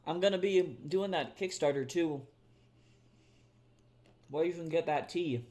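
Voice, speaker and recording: A fairly high, darkish voice, a touch slow, belongs to a young artist live-streaming and reading chat. He talks to viewers in a loose, self-deprecating way, with plenty of swearing and easy laughter.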